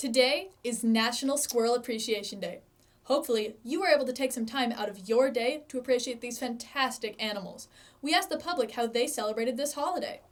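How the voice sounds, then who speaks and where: A woman co-anchors a mock news show, reading her script steadily. Her voice is somewhat high. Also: a little fast.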